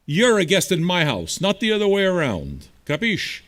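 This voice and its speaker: A man's voice: high-pitched, huge pitch swings, moderate pace, fairly bright tone. A man hosting a livestreamed music show, answering viewer chat in a blunt, profane, combative way. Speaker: streaming radio DJ host.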